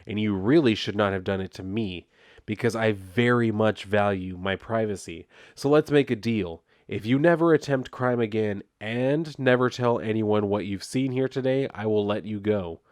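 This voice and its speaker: Man reading out a stern, calm immortal. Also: lowish voice, no echo, studio quality, natural voice. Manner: measured, commanding.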